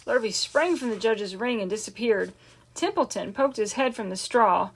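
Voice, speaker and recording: A woman's voice: a little high, moderate pace, slightly rough. Woman reading a children's novel aloud. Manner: gentle, expressive, lingering on key words. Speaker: audiobook reader. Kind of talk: storybook read-aloud narration.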